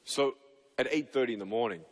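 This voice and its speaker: On a large stage, a young motivational speaker talks fast in a mid-range voice. He tells the live audience a story, voicing both people in the exchange, and the hall around him is full of reverb.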